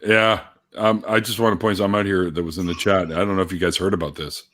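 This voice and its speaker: A man's voice: deep voice, flat delivery, fast talker, fairly bright tone. A man co-hosting a livestream in casual chat, laid-back, swearing and stalling with fillers. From Canada. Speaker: livestream co-host.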